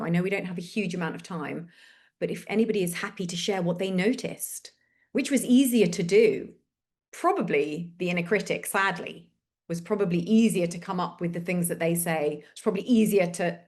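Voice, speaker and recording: A woman hosting a webinar, leading a slow, gentle guided reflection exercise over a video call with repeated prompts. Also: fairly low pitch.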